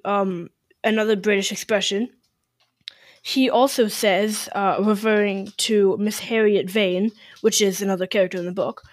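A woman's voice: medium pitch, dry recording. A woman co-hosting a podcast, chatting casually and reading out listener emails, rambling with many restarts and fillers. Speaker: podcast co-host.

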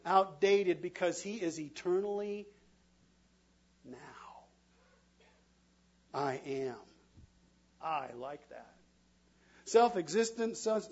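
A middle-aged man preaching a sermon, asking his congregation questions and pausing for them to answer, with emphatic delivery. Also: high voice, husky, highs cut off. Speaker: pastor.

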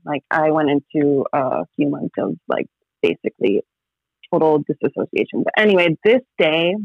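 Woman guest, thirties, casual rambling storyteller; tinny phone-line audio, no room echo. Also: deep voice. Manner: rambling, heavy use of "like" fillers. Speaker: podcast guest.

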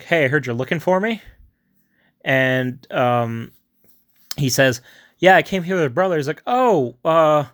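A young man talks through a war movie's story in a loose, rambling way. He keeps slipping into quick character voices for the lines, then drops back to his own mid-pitched tone. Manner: rambling, acts out quotes in shifting voices. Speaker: film reviewer. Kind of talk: casual movie recap.

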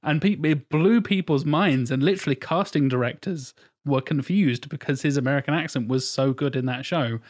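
A young man chatting casually on a podcast, telling stories with lively asides and acted-out quotes. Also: a little high, moderate pace. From England. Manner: animated storyteller, acts out quoted voices, swears freely. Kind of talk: casual chat.

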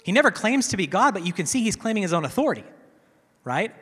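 A man's voice: high voice, sing-song, quick pace, fairly bright tone, husky. A man giving a teaching sermon to a congregation in a conversational way, often checking in with "right?". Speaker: teaching pastor. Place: church hall with a congregation. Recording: long reverb of a hall.

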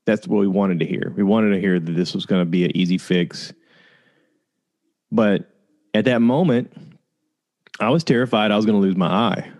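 Male podcast host, lower register, candid first-person storytelling, loose and conversational with fillers. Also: moderate pace, long pauses, a little mellow.

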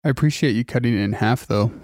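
A man's voice: medium pitch, fast, darkish tone, dry recording, clean studio sound. A young man in casual chat, squeamish and reluctant, often laughing as he talks. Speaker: blindfolded taste-test participant.

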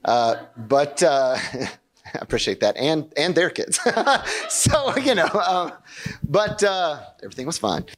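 Chatty storytelling pastor, a man. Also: a little slow. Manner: animated, chatty, acts out quotes with rising pitch. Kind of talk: conversational sermon storytelling. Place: church service.

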